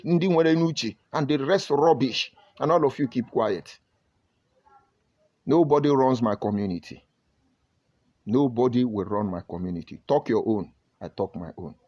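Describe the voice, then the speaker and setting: A man's voice: medium pitch, normal speed, a little mellow, lo-fi sound. A Nigerian man with a Nigerian accent giving emphatic live-stream commentary and greeting viewers from the comments. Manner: emphatic, preachy, reads viewer comments aloud. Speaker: online broadcaster.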